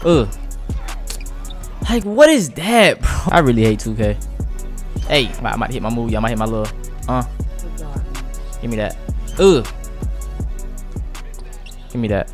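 Hyped young man, lively trash-talking gameplay chatter. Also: medium pitch, measured pace, pauses often, soft background music. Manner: hype, trash-talking, animated reactions with slang. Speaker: gaming YouTuber. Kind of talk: casual gameplay commentary.

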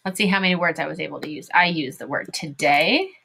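A woman's voice: low-pitched, fast, creaky, bright, forceful tone, a little hiss or hum. A woman teaching a phonics lesson to young children, spelling words out letter by letter and sounding them out in an encouraging way.

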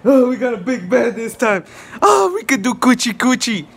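A young man hosting a casual travel vlog, talking excitedly and joking loudly to the camera. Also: very high-pitched, moderate pace, creaky, husky. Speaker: vlogger. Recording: music playing loudly behind.

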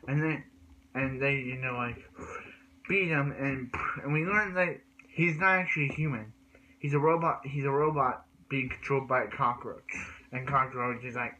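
A man's voice: mid-range voice, steady tone, a little slow, sharp tone, dull audio, slight background noise. A man recapping cartoon episodes in a rambling way, with many restarts and repeated words. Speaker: cartoon reviewer.

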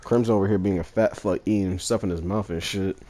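A man's voice: low voice, steady tone, fast, mellow. A man trash-talking and laughing with friends during an online racing game session. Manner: teasing, laughs often, trash talk. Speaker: gamer host. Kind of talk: casual gaming chat with friends. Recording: noisy voice chat with clicks.

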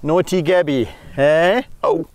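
A man hosting a wildlife channel, talking excitedly outdoors while walking with lions, laughing often and calling out to them. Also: fairly high pitch, takes it slowly, slight background noise. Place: outdoors in the bush on a walk with lions.

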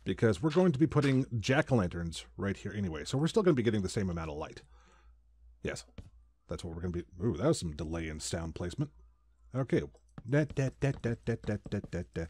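Lively, chatty gaming guy. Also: low-pitched, quick pace, slightly rough, no room sound. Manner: chatty, self-mocking, makes silly sound effects. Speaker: Let's Play host. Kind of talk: casual gameplay commentary.

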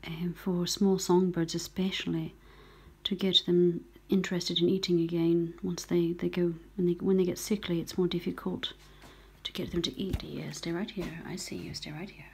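A middle-aged woman who works in bird rescue, talking softly and often in a whisper, cooing gently while she cares for a tiny bird. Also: fairly low pitch, husky.

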